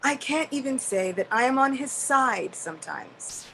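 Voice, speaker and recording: A woman's voice: high voice, lively intonation, measured pace, creaky, a bit bright, slight background noise, heavily acted, low-quality recording. A woman voicing Lord Brahma, an elderly male creator god who earnestly blames himself, in a devotional story. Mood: self-reproaching. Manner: self-reproaching, earnest, emphatic.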